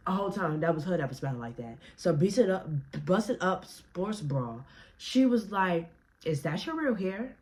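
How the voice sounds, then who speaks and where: A young woman with a notably low voice tells a story to her viewers in a casual rant. She talks brash and profane, with plenty of animation and attitude. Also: expressive, normal speed, darkish tone. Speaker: vlogger.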